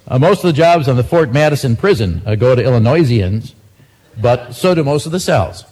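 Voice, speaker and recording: A man's voice: mid-range voice, animated, fairly quick, a little mellow, slight background noise. A man doing a stand-up monologue of joke news headlines, dry and self-mocking between the punchlines. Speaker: comedian.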